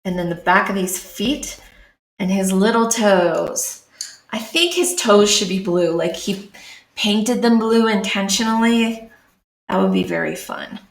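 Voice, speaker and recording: A woman talks slowly and easily while she draws, narrating each stroke for her live stream. Her voice has a gravelly edge, and the room gives it a noticeable echo. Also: mid-range voice. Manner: chatty, talks through her work. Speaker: streamer and artist. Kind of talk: live-streamed drawing commentary.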